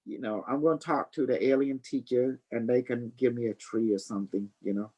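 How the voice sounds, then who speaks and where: A man hosts a live stream, rambling loosely and preaching in a medium-pitched, steady voice that's fairly quick, a little mellow, and slightly rough. He's affectionate, dropping "you know" and calling listeners honey. The recording is rough.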